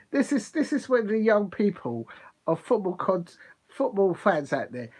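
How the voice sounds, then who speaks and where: A man hosting a live football watch-along, chatting excitedly with viewers and laughing often. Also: sits high, a little slow. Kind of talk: live casual chat with viewers.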